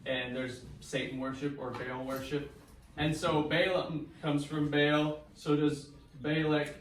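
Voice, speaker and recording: A man's voice: a little high, slow. A man, a pastor, teaching an acted-out Bible lesson and quizzing his audience, in a church. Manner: animated, asks audience questions. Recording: echoey room from far off.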